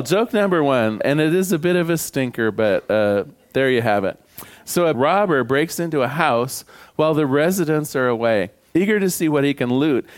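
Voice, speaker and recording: A man preaching a sermon as pastor, conversational and humorous, telling jokes to his congregation. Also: medium pitch.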